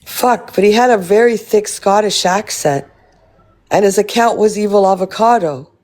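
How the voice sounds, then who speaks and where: A woman's voice: mid-range voice, moderate pace, darkish tone. A woman live-streaming, chatting casually with her viewers and reading their comments, blunt and rambling, swearing freely.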